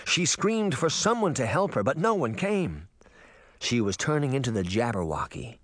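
Expressive man reading an audiobook. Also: mid-range voice, normal speed, dry recording, clean studio sound. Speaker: narrator.

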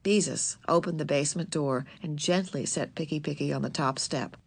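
A woman narrating a children's book, telling the story in a gentle, measured, expressive way. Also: low voice, gravelly. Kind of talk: children's audiobook reading.

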